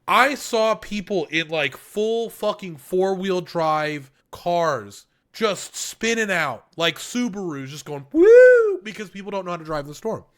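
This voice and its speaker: A man's voice: a little high, bright, forceful tone. A man co-hosting a podcast, ranting with lots of swearing in an exasperated, casual way. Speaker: podcast co-host.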